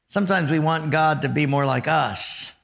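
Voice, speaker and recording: A man preaching a sermon, joking with the congregation and dropping to a hush for emphasis. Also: on the high side, normal speed, vocal fry. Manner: animated, joking, dramatic drops to a hush. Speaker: pastor.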